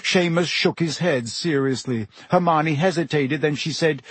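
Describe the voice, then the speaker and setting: A man's voice: on the high side, measured pace, few pauses, fairly bright tone, slightly rough, no echo. A man narrating a storybook aloud, telling the scene expressively. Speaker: audiobook narrator. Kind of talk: scripted narration.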